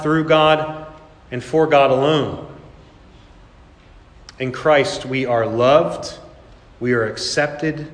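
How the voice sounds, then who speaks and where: A man's voice: a little high, a bit bright. Man preaching in an echoey hall. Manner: acts out quoted voices, laughing asides. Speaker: pastor. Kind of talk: sermon.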